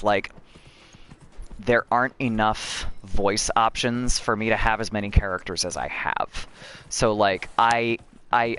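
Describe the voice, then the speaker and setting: A man with a fairly low voice chatting over his gameplay stream. He rambles, trips over his words and keeps restarting sentences, in an easygoing commentary. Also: sharp tone, clear, resonant tone. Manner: rambling, many restarts and self-corrections.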